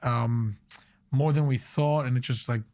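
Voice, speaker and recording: A young restaurant owner from Long Island, New York, tells his story as a guest on a casual podcast. He's an energetic storyteller with a medium-pitched voice and measured pace, filling his speech with lots of "like."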